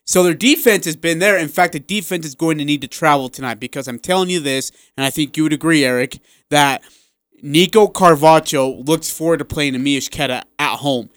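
A man with a slight lisp co-hosting a sports talk radio show, animated and piling up examples in quick bursts. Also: on the high side, no room sound, clean studio sound. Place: radio studio.

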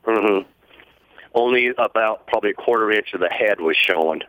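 A man's voice: lowish voice, fairly quick, heavy background noise. A man calling in to a radio show over the phone, telling a story in a plain, matter-of-fact way. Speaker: caller. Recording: phone line.

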